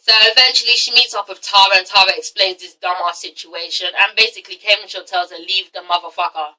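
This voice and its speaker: A woman's voice: mid-range voice, steady tone, fast, pushed and bright, distant mic, low-quality recording. A young woman ranting through a casual reality-TV review vlog, blunt and exasperated, swearing freely.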